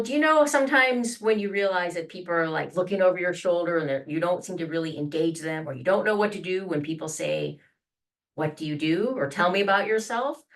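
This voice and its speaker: A woman's voice: fairly low pitch, recorded from a distance. A woman guest on a podcast explaining how to introduce yourself, acting out sample lines with many restarts. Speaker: branding and communications guest. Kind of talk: conversational podcast interview.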